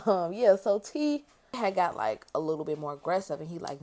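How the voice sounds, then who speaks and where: A woman's voice: mid-range voice, animated, brisk, warm tone. A young woman casually telling a story while doing her makeup, chatty and slangy, using lots of filler words. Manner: chatty and slangy, heavy use of "like" fillers, addresses viewers as y'all. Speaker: beauty vlogger.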